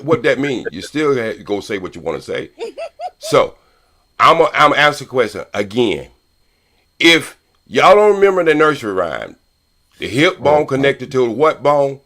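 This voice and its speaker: A man's voice: medium pitch, big pitch swings, normal speed, sharp tone. An older man on a live-stream panel, talking in a rambling, profane, combative way. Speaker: panel guest. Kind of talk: heated live-stream debate.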